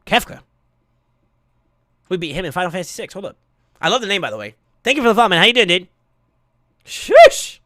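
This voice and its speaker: A man streaming live, casually chatting and thanking viewers, excitable with sudden yells, his voice going hoarse from yelling. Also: sits high, fast, pauses often, dry recording, clean studio sound.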